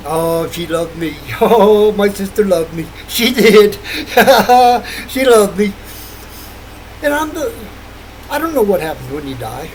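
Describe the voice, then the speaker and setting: Older man, rambling late-night monologue, high animated pitch, faint hum behind. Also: slow, rough recording. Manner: rambling, wandering, laughs often. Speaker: vlogger.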